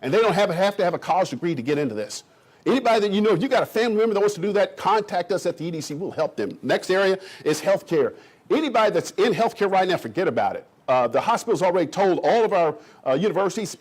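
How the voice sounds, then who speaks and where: A middle-aged man from Kentucky giving an animated presentation to a room of realtors. He is folksy and emphatic and talks straight to the audience. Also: sits high, quick pace, husky. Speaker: economic development official.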